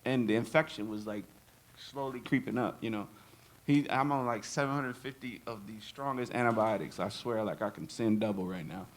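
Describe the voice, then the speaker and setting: A man's voice: lowish voice, moderate pace. A man giving a live drum clinic to an audience. He jokes, laughs often and acts out quotes. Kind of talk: live workshop talk and Q&A.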